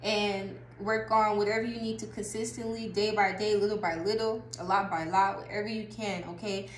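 A woman tarot reader speaks directly to her viewers in a casual, chatty, loose reading, swearing and laughing freely. Her medium-pitched voice keeps a steady tone at a moderate pace. The room is echoey, with faint noise.

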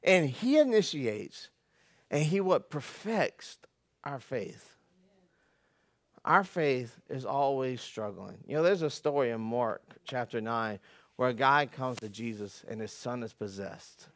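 A man preaching a conversational sermon, telling stories with folksy self-deprecating humor, dropping to quiet asides and climbing to loud, emphatic peaks. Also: mid-range voice, expressive, takes it slowly, no echo. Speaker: pastor.

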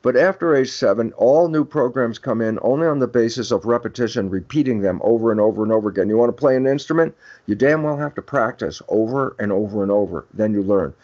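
Lecturing emphatically and acting out quoted dialogue, an older guest expert lays out his ideas on a podcast. He speaks a little fast in a mid-range, darkish voice, captured in dull lo-fi audio.

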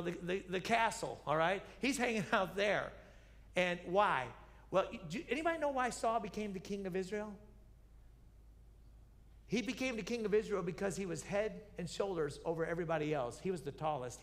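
A man's voice: high voice, fairly bright tone. A man preaching a sermon as pastor, telling Bible stories with animation, acting out the characters' lines and repeating key phrases as he questions the congregation. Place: church sanctuary. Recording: reverberant church sanctuary broadcast.

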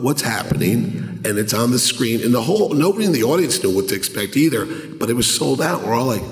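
Man, middle-aged, animated storyteller, convention panel, handheld mic, long hall reverb. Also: mid-range voice. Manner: animated storyteller acting out voices. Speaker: podcast panelist. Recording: echoey hall, roomy reverb.

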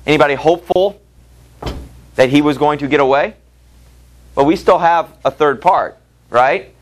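The recording quality is low as a male teacher with a slightly high voice lectures on literature at a moderate pace. He reads passages to the class and poses rhetorical questions in a conversational tone.

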